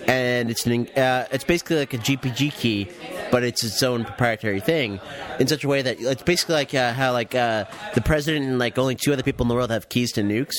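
A man's voice: mid-range voice, fast. A man co-hosting a casual podcast, explaining things with dry jokes. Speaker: podcast co-host. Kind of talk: casual chat.

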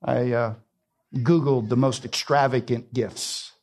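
A man preaching a sermon, emphatic, repeating key phrases and swinging between quiet and loud passages. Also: medium pitch, steady tone, slow pace. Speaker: pastor.

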